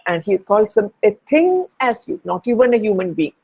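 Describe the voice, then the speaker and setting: A woman's voice: medium pitch, big pitch swings, normal speed, creaky, a little mellow, breathy edge, low-quality recording. A woman giving a literature lesson, explaining a play and reading out quoted lines, with frequent hesitations and fillers. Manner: hesitant, many fillers and restarts. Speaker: literature teacher.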